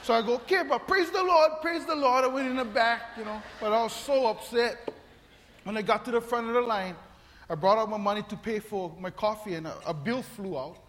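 A man's voice: sits high, a little fast, fairly bright tone, slight background noise. A man, a pastor telling a comic story in a sermon, acting out voices and laughing often. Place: church hall. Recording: long reverb of a large hall.

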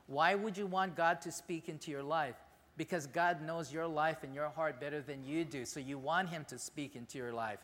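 Man, pastor, conversational sermon, bright forceful tone, slightly high pitch. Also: normal speed, in a large hall. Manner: conversational, animated.

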